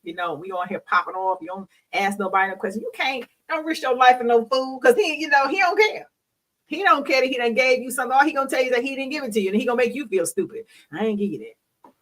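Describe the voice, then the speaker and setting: A woman's voice: high voice, lively intonation, fast, a bit bright, far from the mic, rough recording. A middle-aged woman talking frankly and bawdily to her audience, preachy and laughing often. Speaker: host; hospital worker. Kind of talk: candid solo talk.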